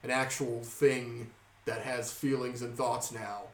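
A man's voice: mid-range voice, takes it slowly, recorded from a distance, slight background noise. A young man in loose podcast conversation, recorded from a little way off the mic in a roomy space. He tells a story with lots of swearing and laughter, and his voice sits in the middle range. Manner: animated storyteller, heavy swearing, laughs often. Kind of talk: casual chat.

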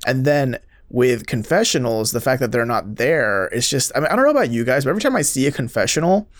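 A man's voice: mid-range voice, sing-song, fast talker, no room sound, studio quality. Blunt, casual-talking man. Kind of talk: casual chat.

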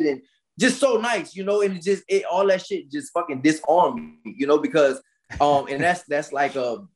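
A man's voice: fairly high pitch, moderate pace. A man who is a boxer, telling stories in a casual podcast interview, rowdy and profane with lots of slang. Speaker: boxer guest.

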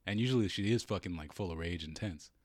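A man's voice: low voice, fast, no room sound. A young man co-hosting a podcast, telling a story in profane casual chat and acting out quotes with energy. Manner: profane storytelling, animated quoting. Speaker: podcast co-host.

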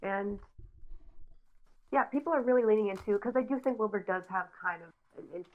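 A woman's voice: medium pitch, fairly quick, a little hiss or hum. A woman co-hosting a casual podcast, talking in a rambling, opinionated way with lots of fillers. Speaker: podcast co-host. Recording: tinny phone-like line.

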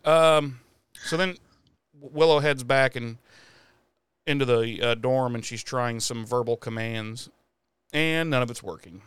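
A man's voice: mid-range voice, a little slow, pauses often, a bit bright, clean tone, dry recording. A man co-hosting a podcast who casually recaps an episode in profane language, laughs often and acts out characters in voices. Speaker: podcast co-host.

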